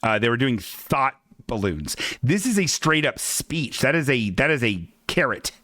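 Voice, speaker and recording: A man hosting a casual livestream podcast, reading a comic strip aloud with halting restarts and swearing asides. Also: mid-range voice, sing-song, bright, forceful tone, dry recording, clean studio sound. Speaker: podcast host.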